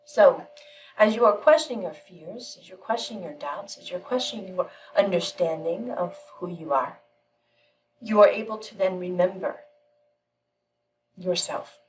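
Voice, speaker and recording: A woman giving a channeled spiritual teaching, telling a parable in a calm, measured way with frequent pauses. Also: fairly low pitch, far from the mic, low-quality recording.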